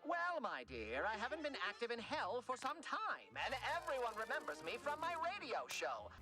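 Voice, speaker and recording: An actor playing a genteel, mocking male demon overlord with an old-time radio announcer's patter, in animated series dialogue. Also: very high voice, normal speed, heavily acted. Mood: smug. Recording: show clip with clear music behind.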